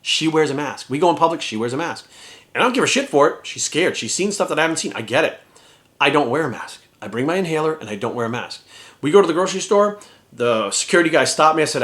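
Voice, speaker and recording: Man, vlog rant, quick and profane, slightly high-pitched delivery. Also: big pitch swings, a bit bright. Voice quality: profane, heated and rapid-fire. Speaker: fitness trainer and vlogger. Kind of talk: ranting vlog monologue.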